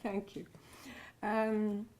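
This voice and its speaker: Slow-reading South African woman in her eighties. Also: medium pitch. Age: 80s. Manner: measured, expressive recitation. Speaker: poet reading her poem. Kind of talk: poetry reading. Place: village hall meeting room.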